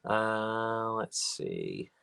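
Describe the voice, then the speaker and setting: A man's voice: on the low side, wildly swooping pitch, extremely slow, vocal fry, sharp tone, clean tone, rough recording. A man with an English accent, hosting a casual livestream and reading viewers' comments aloud, rambling and swearing freely. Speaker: livestream host reading chat.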